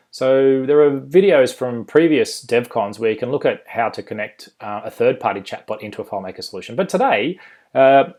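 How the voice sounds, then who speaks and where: A software developer with an Australian accent presents an informal screen-share demo tutorial. His mid-range, darkish voice is full of ums and uhs, and he corrects himself quickly.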